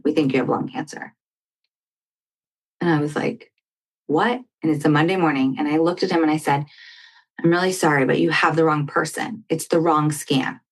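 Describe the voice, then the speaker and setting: A woman guest on a talk show, telling a personal story in conversation and acting out what others said. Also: low-pitched. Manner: animated storytelling, acting out quoted dialogue. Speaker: podcast guest.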